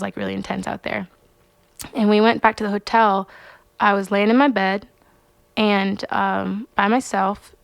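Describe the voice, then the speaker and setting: A young adult woman, a singer-songwriter and podcast guest, telling personal stories in a casual, animated way, acting out voices and saying "like" often. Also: mid-range voice, creaky, no echo. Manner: animated, acts out quoted voices, frequent "like". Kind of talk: casual storytelling interview.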